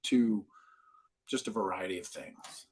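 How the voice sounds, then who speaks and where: A man's voice: sits low, unhurried, husky. A middle-aged man speaking as an expert guest in an interview, telling stories with energy. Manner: animated storyteller who acts out quoted dialogue. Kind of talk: interview conversation.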